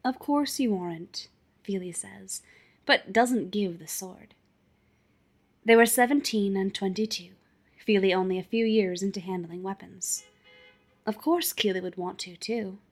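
A woman narrating a fan-written story in a calm, measured reading voice. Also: mid-range voice, faint music behind. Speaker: fanfiction audiobook reader.

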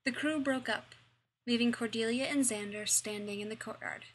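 A woman reading a fan fiction story aloud in a plain, steady way. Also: a little high, normal speed, a little hiss or hum. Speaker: reader.

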